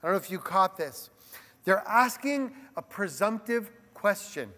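Male pastor, high-pitched, lively conversational sermon delivery; recorded with long hall reverb. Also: a little slow. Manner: animated, conversational preaching with asides.

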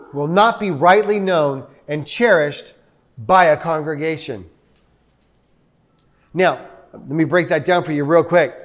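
A man preaching a sermon to his congregation in a conversational way, with asides to the listeners. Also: sits high. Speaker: pastor.

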